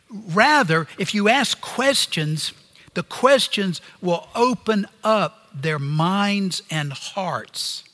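A man preaching a sermon in an earnest, measured way, pausing often and letting phrases drop low at their ends. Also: fairly bright tone, big-room sound.

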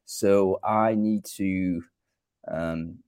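A man hosting a live online show, chatty and filled with ums and uhs, talking from a room by a bright window. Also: low-pitched, steady tone, drawn-out words, smooth. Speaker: host.

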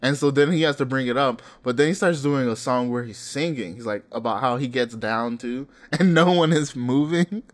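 A man's voice: moderate pace, hardly any pauses. Young male co-host, loose storyteller who laughs a lot and acts out what others said. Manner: animated, laughing, acts out quotes with sudden pitch jumps. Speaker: podcast co-host. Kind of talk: casual storytelling chat.

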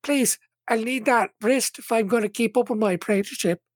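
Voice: mid-range voice, a little fast, dry recording, clean studio sound, pitched above the performer's own voice, close to an everyday voice. A game master voicing a young female apprentice thief who feigns helplessness with simpering cries. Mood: pleading.

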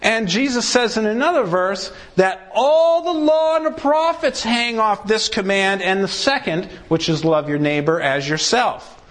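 A man delivers sermon-style Bible teaching to a gathered room, his voice pitched high and swinging widely as he speaks. He takes his time, spacing his words slowly and deliberately. Now and then he slips into mock voices of doubters and tosses questions back at the listeners. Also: animated, fairly bright tone.

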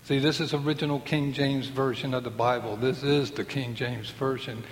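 A man's voice: medium pitch, fairly even intonation, moderate pace, a little hiss or hum. A man in his sixties giving an earnest personal faith testimony, acting out the voices of people in his story. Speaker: testimony speaker. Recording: long hall reverb.

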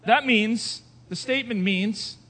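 A male pastor preaching a sermon, moving between quiet conversational asides and loud emphatic declarations, with rhetorical questions to the congregation. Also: high voice, slow pace, in a large hall.

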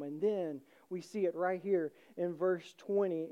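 A man's voice: sits high, steady tone, measured pace, hardly any pauses, muffled recording. A man preaching a sermon with passionate, rising emphasis. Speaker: pastor.

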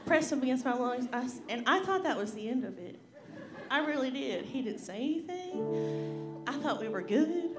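A woman's voice: sits high, big pitch swings, moderate pace. A heavily pregnant, congested woman giving a candid personal testimony in church, near tears and laughing through it. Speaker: pastor's wife and singer. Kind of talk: personal testimony before singing. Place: church sanctuary. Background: piano and guitar playing.

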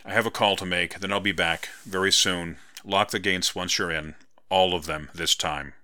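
A man playing an older male professor who speaks calmly and measuredly, kindly but with an iron firmness. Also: low voice, normal speed, dry recording. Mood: firm.

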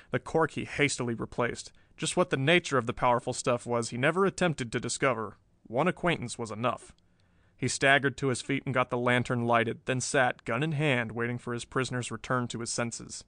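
Male audiobook narrator, mid-pitched, measured pulp-thriller read, dry booth sound. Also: a bit bright, no echo.

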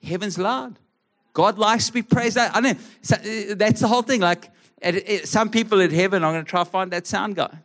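A man from South Africa preaches to his church in a high, light voice. He talks conversationally and earnestly, stumbling and repeating words as he goes. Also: a little fast, a bit bright. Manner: conversational, earnest, frequent restarts and stammered repeats. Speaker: pastor. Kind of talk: sermon. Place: church service.

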